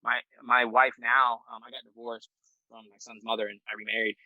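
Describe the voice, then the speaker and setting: A middle-aged Marine veteran telling a story as a podcast guest in a loose, profane, rambling way with many fillers. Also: male voice, mid-range voice, level tone, brisk, pushed and bright, no echo, rough recording. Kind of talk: casual storytelling.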